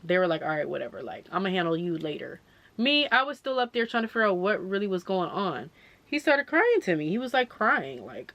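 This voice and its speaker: A woman's voice: lowish voice, big pitch swings, brisk, fairly bright tone, dull audio. A young woman telling a storytime on her vlog, swearing freely and quoting others in her own voice. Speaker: vlogger.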